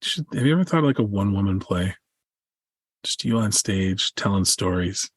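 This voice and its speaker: A man's voice: lowish voice, animated, normal speed. A middle-aged man co-hosting a family podcast, teasing his co-host with dry remarks. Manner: dry, teasing wrap-ups. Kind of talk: casual chat.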